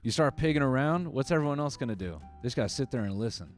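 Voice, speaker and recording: A man's voice: medium pitch, expressive, quick pace, faint music behind. A man hosting, riffing on viewer clips in wry, rambling comedic commentary full of fillers and restarts. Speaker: comedian host reacting to clips.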